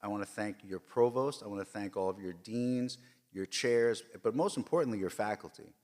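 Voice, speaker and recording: A man's voice: lowish voice, normal speed, darkish tone. A man giving a formal speech at a board meeting, emphatic and repetitive, with frequent fillers. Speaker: system leader giving a report. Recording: long reverb of a large hall.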